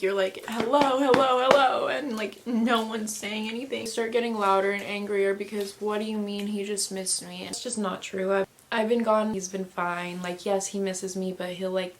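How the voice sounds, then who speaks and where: A woman's voice: medium pitch, gravelly, slight background noise. A young woman vlogger telling an upsetting personal story, rambling with many fillers and quoting her family as she goes. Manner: rambling, filler-heavy, upset retelling with quoted dialogue. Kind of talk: emotional storytime vlog.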